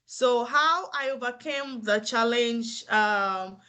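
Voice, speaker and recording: A woman's voice: on the high side, slow pace, sharp tone, clean tone. Earnest woman giving advice. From Africa. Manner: earnest and encouraging, repeating points for emphasis. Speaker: nurse giving career advice. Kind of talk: motivational advice talk.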